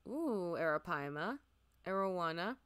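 A young woman with a bright, crisp voice chats through a game stream, naming things one by one in a relaxed way. Her close desk mic gives a dry sound with no room to it. Now and then she slips into a soft near-whisper. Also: fairly low pitch, a little slow, no echo. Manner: chatty, lists items aloud, drifts into soft near-whispers. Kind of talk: casual gameplay commentary.

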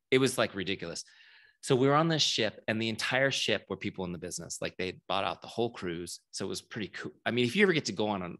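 A man's voice: low-pitched, fairly bright tone. A middle-aged man giving a casual, chatty training talk, often asking the group questions. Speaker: software founder and trainer.

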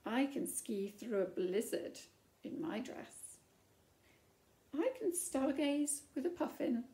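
A headstrong little princess from a picture book boasts of everything she can do, as a woman reading aloud puts her on. The voice sits fairly high but sounds soft and mellow, and each boast is slow and firm. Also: big pitch swings, exaggerated voice. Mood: proud. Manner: bold, determined boasting. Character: defiant spirited girl princess.

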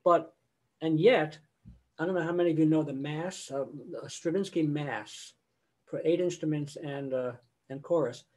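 A man's voice: fairly high pitch, moderate pace, darkish tone. Older man conducting a casual video-call lecture. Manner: conversational, sings example phrases mid-explanation. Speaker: choral conductor giving a lecture.

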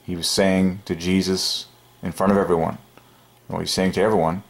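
A man with a very deep, heavily gravelly voice delivers an excited religious monologue straight to his viewers. He talks emphatically and keeps breaking into little chuckles. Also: moderate pace. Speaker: channel host. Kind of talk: casual religious monologue to camera.

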